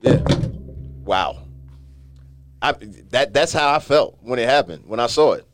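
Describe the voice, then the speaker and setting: Man, podcast co-host, lively pitch, teasing emphatic banter. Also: heavy background noise. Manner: animated, teasing, drawn-out emphatic delivery. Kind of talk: casual chat.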